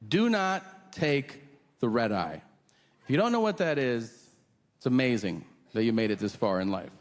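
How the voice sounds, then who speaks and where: A man performing a stand-up comedy set, telling stories with animated delivery and jumping into mocking voices. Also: mid-range voice, moderate pace. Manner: animated storytelling with jumps into mocking character voices. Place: comedy stage in a large venue with audience. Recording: live hall recording with audience noise. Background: audience laughter.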